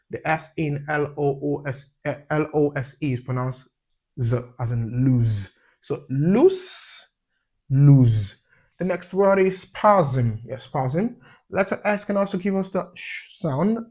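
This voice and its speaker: Emphatic man teaching English letter sounds. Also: a little high. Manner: repeats example words slowly and emphatically, checks in with "yeah?". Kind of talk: phonics lesson.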